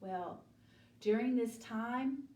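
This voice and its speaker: A woman's voice: fairly high pitch, drawn-out words, dark tone. A woman teaching a children's Bible lesson, telling the story dramatically and acting out the voices, recorded in an echoey room from some distance.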